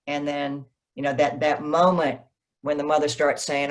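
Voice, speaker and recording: A woman novelist, a guest in an interview, telling stories in a lively way and acting out what people said. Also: sits low, moderate pace. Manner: animated, acts out quoted dialogue. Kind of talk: conversational interview, storytelling.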